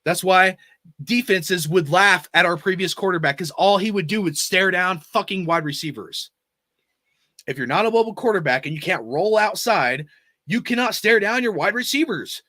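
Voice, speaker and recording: A man's voice: high voice, bright, forceful tone, dry recording, studio quality. A man hosting a fan channel, ranting about football and reading out chat comments in a blunt, cussing, rambling way. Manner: profane, emphatic, rambling.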